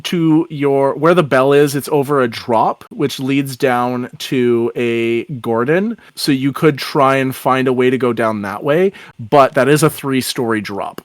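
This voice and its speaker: A man's voice: mid-range voice, measured pace, no room sound, studio quality. A man narrating and laughing easily as dungeon master of a tabletop game. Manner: relaxed, laughs often.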